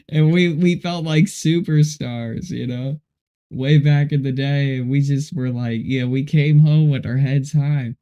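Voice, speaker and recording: Male streamer, relaxed and rambling, mellow low-key voice, chats to his viewers while he works. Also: slow, clean tone. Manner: rambling, laid-back, says dude and you know a lot. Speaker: livestream host. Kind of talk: casual livestream chat while coding.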